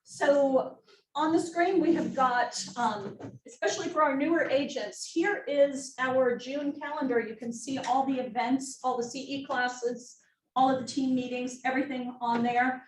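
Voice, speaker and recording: A woman's voice: high-pitched, unhurried. A woman running an office team meeting presentation, upbeat and making joking asides. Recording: roomy, distant mic, faint noise.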